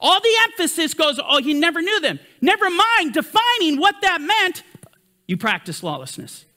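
A man teaching a Bible study sermon in an emphatic manner, his pitch swinging up and down to stress his points. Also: pushed and bright.

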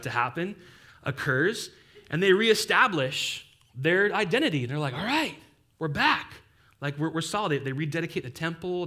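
A young adult man preaching a sermon as pastor, casual and animated, with playful asides. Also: on the high side.

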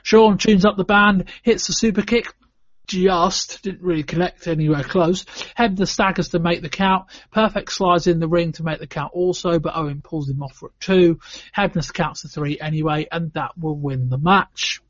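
A British man hosts a podcast and walks through a wrestling match move by move. His voice sits a little high, and his delivery is wry and matter-of-fact. The sound is dry and a bit dull. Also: moderate pace, no room sound. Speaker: podcast host.

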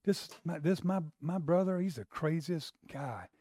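A man's voice: a little high, animated, a little slow, mellow, no echo, pitched above the performer's own voice. A man preaching, acting out a resentful older brother who rants indignantly about being overlooked. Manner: whiny, indignant, ranting.

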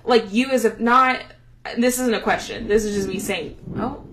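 A woman's voice: on the high side, steady tone, normal speed, noisy background. A woman from the Southern US with a Southern accent, co-hosting a podcast in chatty, teasing casual talk and laughing often. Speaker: podcast co-host. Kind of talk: casual chat.

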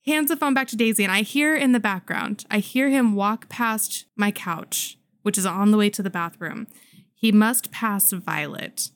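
A woman in her thirties co-hosting a casual podcast, telling a story with lively shifts and quoted voices. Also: measured pace, no echo, clean studio sound. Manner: animated storyteller, jumps pitch for quoted voices, laughs often. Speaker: podcast co-host.

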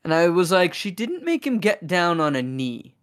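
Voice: medium pitch, sing-song, normal speed, clear, resonant tone. A podcast host in casual chat, animatedly retelling a film's plot and briefly voicing the characters' lines. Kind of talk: casual chat recapping a film.

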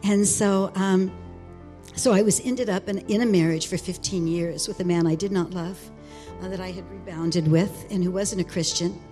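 A woman in her sixties giving a personal testimony, earnest and halting, with many fillers and restarts. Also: lowish voice, steady tone, mellow, faint music behind. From Alaska. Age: 60s. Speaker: speaker sharing testimony.

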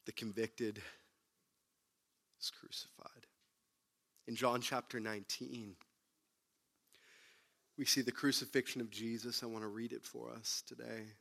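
A man preaching a sermon who retells the story dramatically, moving between loud bursts and hushed, low passages. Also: level tone, a little slow, gravelly, long pauses. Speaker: pastor.

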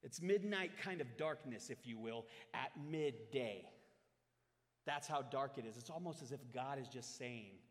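A man preaching to his congregation in an impassioned sermon style. His delivery swings from loud, dramatic scripture readings to quiet, reflective asides. His voice sits in a middle pitch, and the long reverb of the hall trails after each phrase. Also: lively intonation, measured pace. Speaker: pastor. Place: church hall. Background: congregation in the room.

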